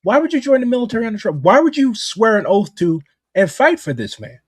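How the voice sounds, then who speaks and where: Brief: heated, profane American man, husky tone, casual podcast chat. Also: extremely high pitch, big pitch swings, a little fast, no echo, studio quality. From United States. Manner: blunt, profane, heated rants.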